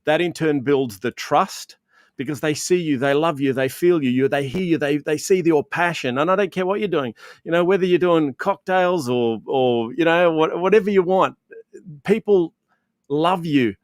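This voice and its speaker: A man, a guest telling stories in a lively, clowning way on a video call. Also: on the high side, moderate pace, dry recording, clean studio sound. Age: 50s. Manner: animated, self-described clown, laughs often. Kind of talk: casual storytelling chat.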